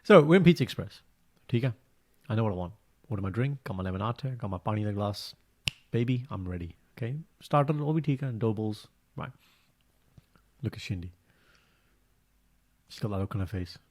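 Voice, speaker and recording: A man, co-hosting a podcast in casual chat, telling stories with animation that often drops to a quiet, low-key delivery. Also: expressive, fairly quick. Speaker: podcast co-host.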